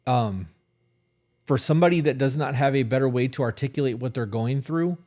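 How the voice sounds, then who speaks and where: A man's voice: medium pitch, fairly quick, a little mellow. Blunt guy on a podcast, swears a lot, mid voice, really emphatic. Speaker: podcast co-host. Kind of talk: casual podcast chat.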